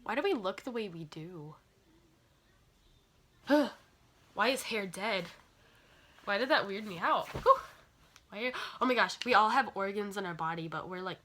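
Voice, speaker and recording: A woman's voice: mid-range voice, lively intonation, moderate pace, long pauses, sharp tone, a little hiss or hum. A woman vlogger rambling casually to the camera, scattered and self-deprecating, often apologizing.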